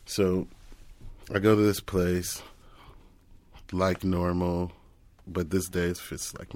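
Deep-voiced man telling a story. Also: slow, long pauses. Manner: animated, laughs often, many restarts. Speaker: interview guest. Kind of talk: casual storytelling.

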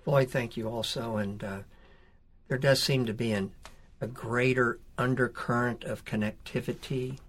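A man's voice: medium pitch, fairly even intonation, unhurried. A man speaking on a panel, hesitant, searching for words. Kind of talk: panel discussion.

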